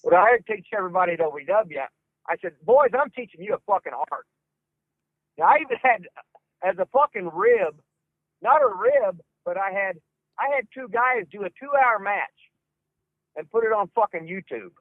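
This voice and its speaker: A man's voice: high voice, expressive, moderate pace, no room sound. Older man ranting down a phone line. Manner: ranting, heavy cursing, gruff Southern drawl. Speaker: wrestling trainer, guest. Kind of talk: profane storytelling interview. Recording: dry phone-line sound.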